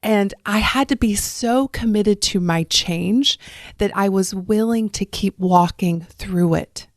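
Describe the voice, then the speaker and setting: Talking slowly and sincerely, a woman from the southern United States coaches her listeners through a solo podcast, her faint Southern accent coming through. The mid-range voice is recorded at studio quality with no room sound.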